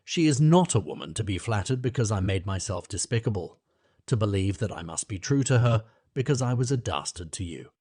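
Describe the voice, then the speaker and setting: A man's voice: on the low side, animated, brisk, breathy edge, no room sound, studio quality. Man voicing a furious, wounded young man. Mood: bitter. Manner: bursting out, sharp-edged. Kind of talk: audiobook character reading.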